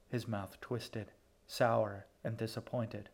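Guy narrating a novel, calm even pacing, middle-pitched voice. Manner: steady, measured storytelling. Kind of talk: audiobook narration.

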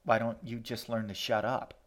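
A man's voice: mid-range voice, level tone, moderate pace, lightly acted. A man voicing a blunt, impatient young girl in audiobook narration. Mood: bossy. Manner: impatient, demanding.

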